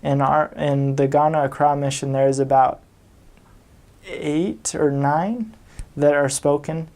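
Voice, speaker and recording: A man's voice: on the high side, fairly even intonation, unhurried, darkish tone. A young man from the United States, a returned missionary, casually telling stories with chuckles and fillers. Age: young adult. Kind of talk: casual storytelling.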